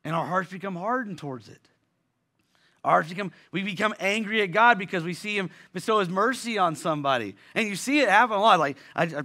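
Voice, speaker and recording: A pastor preaching a sermon in a conversational way, restarting phrases often and asking rhetorical questions. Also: male voice, high-pitched, fairly quick, sharp tone.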